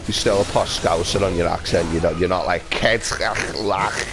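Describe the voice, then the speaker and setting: A man's voice: deep voice, steady tone, fairly quick, vocal fry, background noise. A young man with a Merseyside accent chatting and joking while streaming a game, laughing and swearing in easy banter. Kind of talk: casual chat while gaming.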